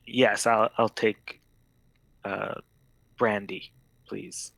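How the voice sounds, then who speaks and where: A man playing a reserved young templar who speaks formally and hesitates before committing to words. His voice is low and slow, recorded close and dry. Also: little pitch movement, creaky, a bit bright, dry recording, full character voice, poor audio. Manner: halting, modest, formal.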